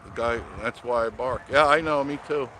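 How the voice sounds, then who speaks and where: On a casual stream with poor audio and audible background noise, a man tells meandering stories, chuckles often and answers his viewers. His mid-range voice is bright and forceful, at normal speed.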